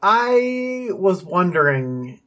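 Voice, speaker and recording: A man's voice: high-pitched, sing-song, extremely slow, bright, forceful tone. A man co-hosting a casual gaming lore podcast in a laid-back, teasing way. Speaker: podcast co-host.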